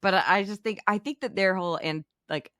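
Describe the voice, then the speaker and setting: Animated, swearing woman podcaster, dry sound. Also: fairly quick, no echo. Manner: animated, swears freely, rising pitch when excited. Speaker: podcast co-host. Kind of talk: casual film discussion.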